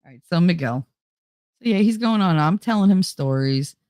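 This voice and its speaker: A woman in her forties hosting a casual vlog, telling a story in a blunt, animated, profane way. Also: lowish voice, moderate pace, no room sound. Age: 40s. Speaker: host.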